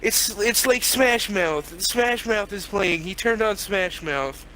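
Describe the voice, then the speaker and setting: A man's voice: high-pitched, slow, bright, forceful tone, a little hiss or hum, rough recording. A young man co-hosting a podcast, narrating an improvised comic story in a rambling, crude, playful way. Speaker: podcast co-host.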